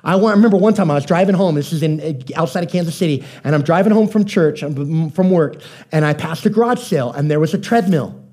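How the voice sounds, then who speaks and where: Mellow-voiced preacher telling folksy stories. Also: male voice, fairly high pitch, fast, few pauses. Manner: folksy storytelling, asks the audience questions. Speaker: pastor. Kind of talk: conversational sermon.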